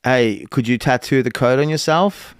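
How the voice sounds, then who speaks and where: A man's voice: medium pitch, clear, resonant tone, dry recording, clean studio sound. Man reading cards on a stream. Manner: reads cards aloud haltingly, restarts and chats. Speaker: content creator. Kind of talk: casual livestream chat.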